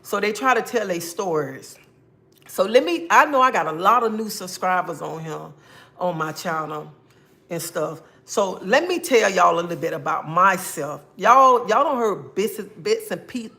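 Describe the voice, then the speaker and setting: A woman's voice: fairly low pitch, sharp tone. A woman hosting her own livestream, greeting viewers by name and talking casually about faith and her life. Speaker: livestream host.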